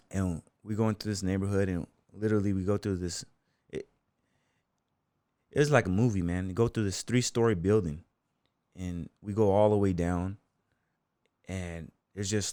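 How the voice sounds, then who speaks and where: A man's voice: low-pitched, a little mellow, dry recording. A man from the United States, a podcast guest telling casual stories in a loose, rambling way, full of fillers like "you know" and "man". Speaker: podcast guest, bull rider and gym owner. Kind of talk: casual storytelling interview.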